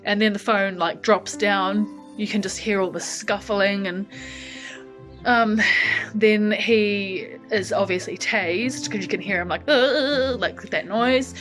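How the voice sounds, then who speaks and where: A woman talks casually to camera from her lounge at home, rambling with frequent ums as she thinks aloud. Her pitch sits in an ordinary middle range. Music plays clearly in the background. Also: steady tone, unhurried, a bit bright, poor audio. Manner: talks to her cat mid-story. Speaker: vlogger. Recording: music playing behind.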